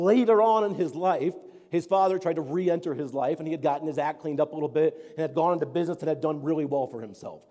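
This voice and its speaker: A man's voice: a little high, warm tone. A man, preaching a sermon as a pastor and telling a story in an earnest, rambling way with many fillers. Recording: long hall reverb.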